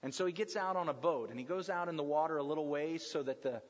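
High-voiced preacher in an echoing church. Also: male voice, fast talker. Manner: emphatic, builds to loud passionate peaks and drops to hushed tones. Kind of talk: sermon. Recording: dull lo-fi sound with long hall reverb.

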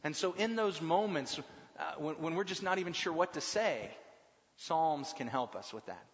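Animated man leading a Bible class. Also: on the high side, normal speed. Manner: lively, asks the group questions. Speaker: Bible study leader. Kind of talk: group Bible class teaching. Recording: long reverb, dull lo-fi sound.

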